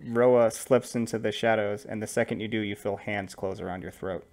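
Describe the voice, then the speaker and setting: A man narrating as game master of a tabletop game, relaxed and rambling, with frequent fillers. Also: on the low side, moderate pace.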